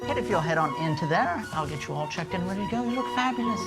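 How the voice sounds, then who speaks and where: A man hamming up a self-satisfied English gentleman detective, his put-on accent swooping high and low in a theatrical lilt. Loud music plays underneath. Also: animated, fast. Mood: pompous. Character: hammy male innkeeper playing a posh English gentleman detective. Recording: loud music behind TV audio.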